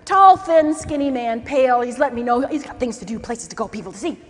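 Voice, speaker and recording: Brief: high, lively woman speaker, comic storytelling, echoey hall, faint noise. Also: a little fast. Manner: animated, acts out characters, laughs through lines. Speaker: keynote speaker. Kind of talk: humorous storytelling speech.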